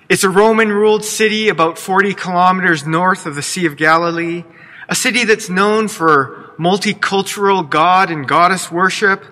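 Bright high-voiced man preaching in a reverberant hall. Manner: expressive storytelling, voicing quotes with playful asides. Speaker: pastor. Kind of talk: sermon.

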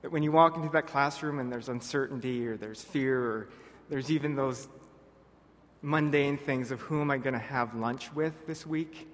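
A man preaching a sermon to his congregation, earnest and direct, often dropping soft on key words. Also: medium pitch, moderate pace, slight background noise. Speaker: pastor. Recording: long reverb of a large hall.

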